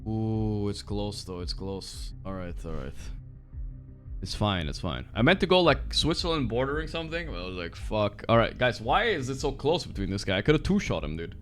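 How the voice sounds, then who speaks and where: A man streaming a game, chatting casually with his viewers, swearing freely and reacting out loud. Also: fairly low pitch, sing-song, moderate pace, soft background music. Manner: swears freely, reacts loudly, talks to chat. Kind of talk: casual livestream chat while gaming.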